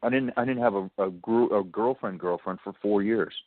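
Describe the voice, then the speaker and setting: A man's voice: fairly low pitch, normal speed, no echo. Chatty man telling a story over the phone. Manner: chatty, animated storyteller who acts out quotes and laughs often. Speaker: radio show guest. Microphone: telephone. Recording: tinny phone line.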